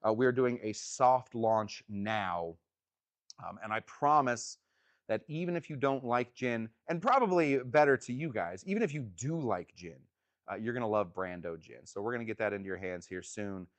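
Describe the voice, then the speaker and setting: A man's voice: fairly low pitch, clear, resonant tone, no echo. A man hosting a cocktail show outdoors, talking in a rambling, chatty way and answering viewers' comments. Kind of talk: casual livestream chat.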